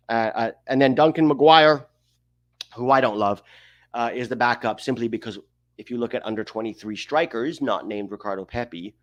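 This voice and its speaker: A man's voice: fairly low pitch, dry recording. A man hosting a livestream, giving emphatic, opinionated sports commentary and often tossing in rhetorical questions. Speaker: host of a soccer livestream.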